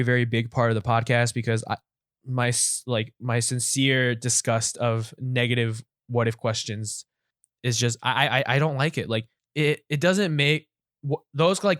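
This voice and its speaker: A man's voice: medium pitch, dry recording, clean studio sound. A man co-hosting a podcast in casual chat, ranting with exasperation and stammering restarts. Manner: animated, exasperated rants with repeated stammered restarts. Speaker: podcast co-host.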